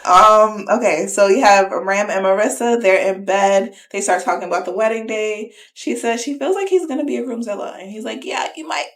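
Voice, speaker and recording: A woman's voice: mid-range voice, moderate pace, hardly any pauses. A woman co-hosting a podcast, casually recapping a reality show and acting out quotes with laughs. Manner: animated retelling with quoted voices and laughs. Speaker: podcast co-host.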